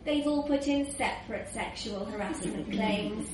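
Slow, dry woman narrating. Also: a little high, a little mellow. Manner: dry, measured, lawyerly narration. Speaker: storyteller and lawyer narrator. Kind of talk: comic story reading. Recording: echoey room, distant mic, faint hiss.

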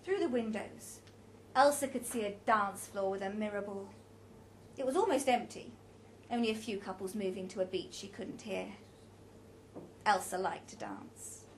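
A woman reading a story aloud, with expressive, unhurried delivery and small restarts. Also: medium pitch, a little hiss or hum. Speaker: narrator.

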